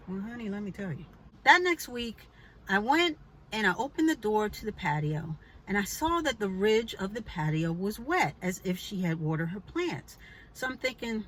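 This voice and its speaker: A woman's voice: medium pitch, sing-song, normal speed, a bit bright, slight background noise, rough recording. A woman telling a personal story in a chatty, emphatic way, with pointed asides to the listener. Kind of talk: casual storytelling vlog.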